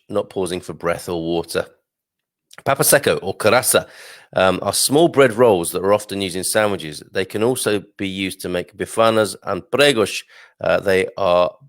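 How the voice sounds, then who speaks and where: A man's voice: low-pitched, no room sound, studio quality. A man hosting a casual live stream, chatting and reading aloud with rambling asides. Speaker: host.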